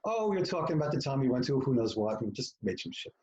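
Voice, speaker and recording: A man tells a personal story as a podcast guest, blunt and profane, slipping into the voices of the people in it. His voice sits at an ordinary middle pitch. The recording sounds roomy and a little muffled, like a home setup. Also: big pitch swings, fast, darkish tone. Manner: frank, profane, self-mocking, acts out quoted lines. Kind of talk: candid storytelling in conversation.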